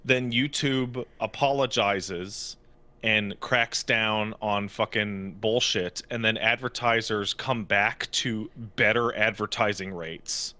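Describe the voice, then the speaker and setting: A man co-hosting a podcast in casual chat, swearing freely and jumping up in pitch to make a point. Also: slow. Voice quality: animated, swears a lot, jumps into high pitch for emphasis. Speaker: podcast co-host.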